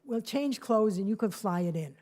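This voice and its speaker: A woman's voice: medium pitch, expressive, moderate pace, mellow, close to an everyday voice. A woman storyteller voicing a male aviator who anxiously pleads with a friend, in a raised, urgent voice. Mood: urgent pleading.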